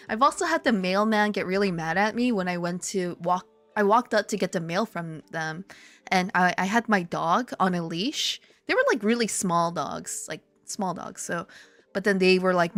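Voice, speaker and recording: A woman chatting casually with her viewers, telling stories with swearing, laughter and sudden high excited outbursts. She lives in Korea. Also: normal speed, soft background music. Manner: animated storytelling, swearing, laughing, jumps to high excited exclamations. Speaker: streamer. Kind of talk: casual chat reading viewer comments.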